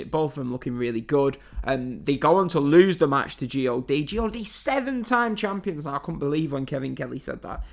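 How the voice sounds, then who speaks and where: With a mid-range voice and noticeable vocal fry, this man from England talks through wrestling matches in a frank, conversational review. He leans on plenty of fillers and swears now and then.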